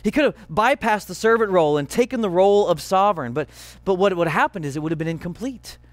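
A male pastor preaching a sermon, earnest and emphatic, slowing down on key phrases. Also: high-pitched, expressive, no echo.

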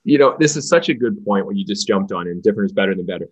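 A man who runs a baseball team, telling stories as a podcast guest in an energetic way that acts out the voices he quotes. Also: lowish voice, very fast, slightly rough.

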